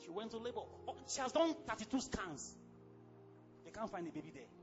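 A man with a Nigerian accent preaching a sermon as pastor, fiery and exclamatory, breaking into sudden shouts. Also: sits high, very animated, fairly quick, dull audio, soft background music.

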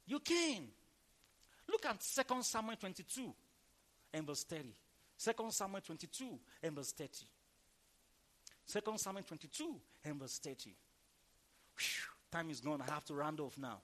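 A male pastor preaching a sermon with emphasis, calling on the congregation to respond and reading scripture aloud in a slow, drawn-out cadence. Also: sits high, lively intonation, a bit bright.

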